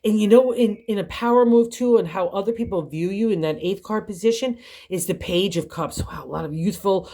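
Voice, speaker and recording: A woman's voice: mid-range voice, fairly quick, warm tone. Older lady doing a chatty tarot reading, upbeat and encouraging, lots of "you know" and "right". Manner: chatty, encouraging, conversational fillers. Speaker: tarot reader.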